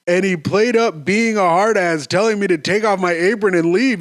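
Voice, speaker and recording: A man in his thirties hosting a solo podcast, riffing on listener stories in an animated, profane way with sudden sing-song jumps, his voice going a bit hoarse. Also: sits high, normal speed, few pauses, no echo, studio quality. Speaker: podcast host.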